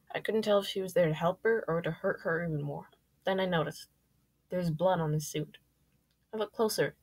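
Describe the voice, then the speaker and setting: A woman reading her first-person fan fiction aloud, lively and jumping up on exclamations. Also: on the low side.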